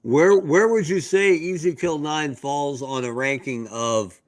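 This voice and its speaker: A man's voice: medium pitch, takes it slowly, few pauses. A man co-hosting a podcast, teasing and laughing often. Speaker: podcast co-host. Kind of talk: casual podcast chat.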